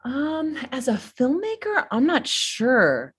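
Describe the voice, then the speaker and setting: A woman's voice: high-pitched, huge pitch swings, slow, fairly bright tone, slightly rough. A middle-aged woman guest in a casual interview, rambling enthusiastically with many fillers and restarts. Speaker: filmmaker guest.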